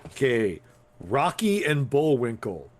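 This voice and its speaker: A man's voice: medium pitch, sing-song, slow, a little hiss or hum. A man in his thirties hosting a casual podcast chat, blunt, swearing and laughing often. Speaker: podcast host.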